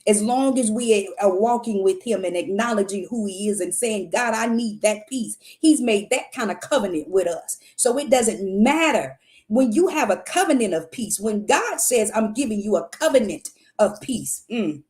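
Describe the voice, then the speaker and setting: A woman's voice: medium pitch, animated, moderate pace, a little mellow. A woman hosting a show, giving a devotional talk on faith in a preacherly, repetitive and emphatic way. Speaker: host.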